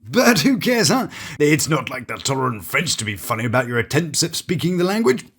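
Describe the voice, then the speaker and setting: A man's voice: on the high side, sing-song, fairly quick, fairly bright tone, slightly rough. A British man giving sarcastic, jokey scripted commentary on reality TV, with mock-theatrical asides. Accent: British English. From Britain. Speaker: reality TV reviewer.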